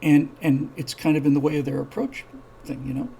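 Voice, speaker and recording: A man's voice: fairly high pitch, level tone, a little fast, vocal fry, warm tone, a little hiss or hum, low-quality recording. A man hosting a live-streamed show, telling a story in a casual, rambling way, with many restarts, and acting out the characters' dialogue. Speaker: show host.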